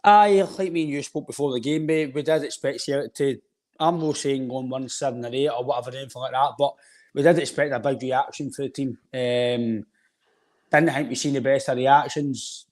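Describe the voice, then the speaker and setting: A man's voice: mid-range voice, fairly even intonation, normal speed, darkish tone. Scottish man with a sore throat. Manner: rambling, conversational. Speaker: podcast co-host. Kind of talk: casual football chat.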